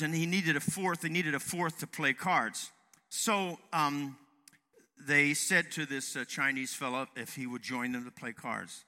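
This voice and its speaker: Emphatic middle-aged preacher in echoing hall. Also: male voice, fairly high pitch. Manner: emphatic, swings from loud to hushed. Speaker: pastor. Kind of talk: sermon. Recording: long hall reverb.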